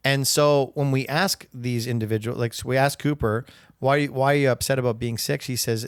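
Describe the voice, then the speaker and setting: A man in his thirties co-hosts a casual podcast and tells reflective stories about his children. His voice has a gravelly edge. The sound is close and dry. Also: mid-range voice, fairly even intonation, moderate pace, no room sound. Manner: storytelling, reflective, fond of his kids. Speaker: podcast co-host. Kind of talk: casual chat.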